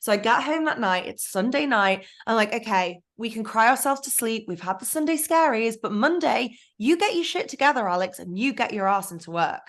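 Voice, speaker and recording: A woman, a podcast guest, frankly telling her personal story in an animated way. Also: fairly high pitch, fairly quick, few pauses. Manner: frank, animated storytelling with self-talk asides. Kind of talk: candid storytelling interview.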